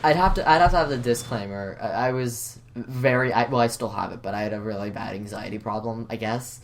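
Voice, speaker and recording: A man's voice: fairly low pitch, brisk, creaky. A man co-hosting a casual podcast, earnest and apologetic, often stammering and restarting his sentences. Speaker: podcast co-host.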